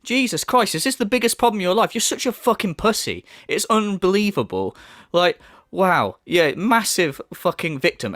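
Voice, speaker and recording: A man's voice: sits high, big pitch swings, normal speed, fairly bright tone, no echo. Guy ranting over clips, swears a lot, sarcastic, voice jumps all over, dry close sound. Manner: mocking, profane, sarcastic. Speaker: commentary channel host. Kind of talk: sarcastic reaction commentary.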